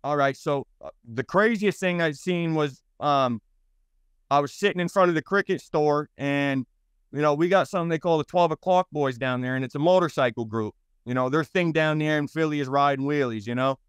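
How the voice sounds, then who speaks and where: A man in his thirties with a Boston accent, a guest telling his stories in a blunt, rambling and profane way, with halting restarts. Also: a little high, clean tone, dry recording. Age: 30s. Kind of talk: interview storytelling.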